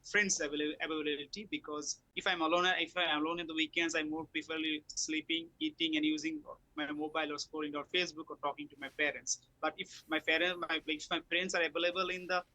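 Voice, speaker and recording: A young man answers speaking-test questions, hesitant and searching for words. His voice is bright and fairly high, with a flat, even delivery. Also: quick pace, few pauses, dry recording, rough recording. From Bangladesh. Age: young adult. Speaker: test candidate. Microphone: video call.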